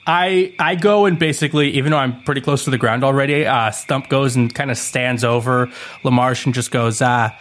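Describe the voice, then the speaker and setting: A man's voice: mid-range voice, steady tone, fairly quick, a bit bright, slight background noise. A man playing a tabletop game, easygoing and full of hesitant fillers. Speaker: player.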